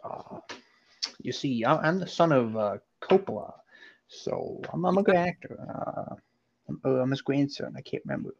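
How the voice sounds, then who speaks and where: A man doing an impression of a self-important male movie star who rambles through breathy, halting "uh"s. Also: mid-range voice, animated, darkish tone. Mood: pompous drawl. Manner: halting, full of breathy drawn-out "uh"s. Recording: dull lo-fi sound.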